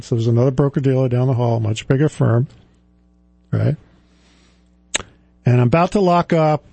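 Gravelly chuckling middle-aged man. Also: mid-range voice, normal speed, pauses often, mellow, dry recording. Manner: chatty, chuckling, with restarts. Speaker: financial advisor and firm president. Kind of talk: casual storytelling monologue.

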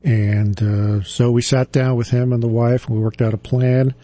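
A man in his sixties, a financial advisor, talking reflectively in a halting way, with many fillers and restarts. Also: medium pitch, level tone, warm tone. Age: 60s. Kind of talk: reflective personal talk.

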